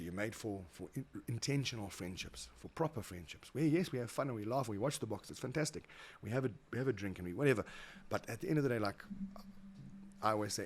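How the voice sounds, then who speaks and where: A fast-talking South African man with a low voice tells his stories as a guest in a relaxed interview. He is animated and acts out the voices of the people he quotes, often repeating his words as he goes. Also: slight background noise. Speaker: guest, motivational speaker. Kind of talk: casual interview storytelling.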